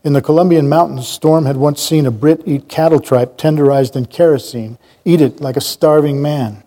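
Man reading a novel aloud, mellow voice. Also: a little high, fairly even intonation, normal speed. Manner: plain reading broken by casual self-correcting asides. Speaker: reader.

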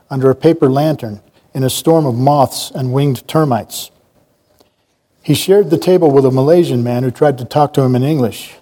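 A man's voice: mid-range voice, warm tone. A man reading a novel aloud, now and then breaking off for casual, self-correcting asides. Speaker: reader.

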